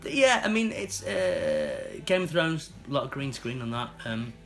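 A man with a northern English Stockport accent talks as a guest in a relaxed interview. His voice is bright and forward, at an ordinary pitch. He tells things in a chatty, self-mocking way and laughs often. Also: normal speed, soft background music. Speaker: actor guest. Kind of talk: casual interview chat.

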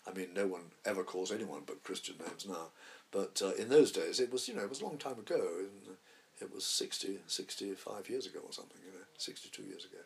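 An actor in his eighties, appearing as an interview guest, rambles through theatre anecdotes and keeps restarting his sentences. His voice is low, fast and creaky, with a little hiss or hum in the audio.

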